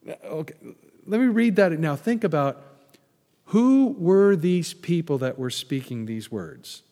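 A man's voice: fairly high pitch, slow. Preaching man in a reverberant hall. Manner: animated, rising to loud emphatic peaks then dropping to soft prayer. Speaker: pastor. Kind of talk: sermon.

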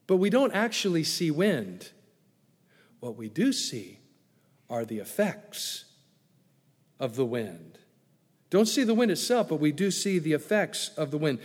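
A man preaching a sermon as pastor, playful and animated, dropping to hushed tones for emphasis. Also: on the high side. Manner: animated, playful asides with sudden hushed drops. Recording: long echo of a large hall.

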